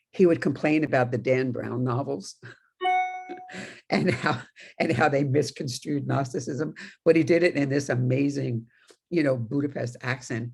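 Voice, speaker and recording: A woman's voice: rumbling low, vocal fry, darkish tone, slightly rough. A middle-aged woman minister from New York giving a conversational sermon, telling stories with laughing asides. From New York, USA.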